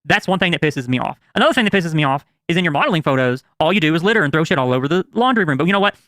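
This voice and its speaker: A man's voice: on the high side, expressive, rapid-fire, pushed and bright, no room sound. A man co-hosting a livestream, ranting and swearing in casual chat. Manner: ranting and profane. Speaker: livestream co-host.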